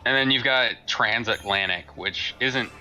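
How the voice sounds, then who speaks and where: A man chatting easily on a game stream who now and then drops into quick accent imitations. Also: medium pitch, pushed and bright, faint music behind. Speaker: stream co-host. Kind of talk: casual chat on a game stream.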